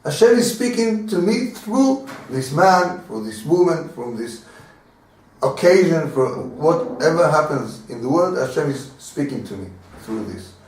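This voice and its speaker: Animated rabbi man in an echoey room. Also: a little high, unhurried, recorded from a distance. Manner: animated, repeats words, acts out little dialogues with laughs. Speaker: rabbi teaching a class. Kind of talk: informal Torah lesson.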